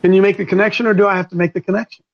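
A man's voice: sits high, fairly even intonation, very fast, vocal fry, muffled recording. A man hosting a talk radio show, preaching fervently and repeating his points for emphasis.

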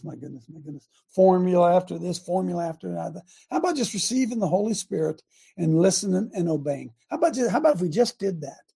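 An older man hosting a talk radio show, delivering a fiery, repetitive preachy rant that rises to shouts. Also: high voice, vocal fry, husky.

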